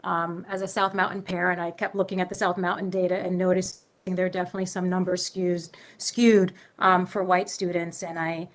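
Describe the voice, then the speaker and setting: A woman's voice: fairly low pitch, little pitch movement, brisk, few pauses. Chatty woman with many fillers. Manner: casual, rambling, frequent um and like fillers. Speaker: school board member. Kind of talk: asking questions at a public meeting.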